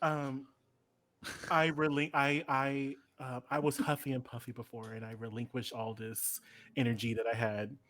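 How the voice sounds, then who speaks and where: A man playing a tabletop role-playing game, playful and animated in character. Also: medium pitch, moderate pace. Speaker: player. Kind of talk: tabletop role-play chat.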